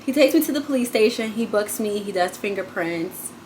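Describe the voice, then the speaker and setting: A woman's voice: mid-range voice, expressive, brisk, a little hiss or hum. Chatty, dramatic woman storyteller. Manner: chatty, addresses viewers as y'all; dramatic, swings between loud and hushed. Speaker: vlogger. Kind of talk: casual storytime vlog.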